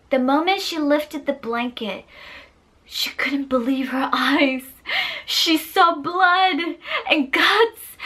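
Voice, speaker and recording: A woman's voice: high voice, sharp tone. A young woman casually telling a scary story to her viewers, playfully acting out voices and sound effects. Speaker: storyteller vlogger.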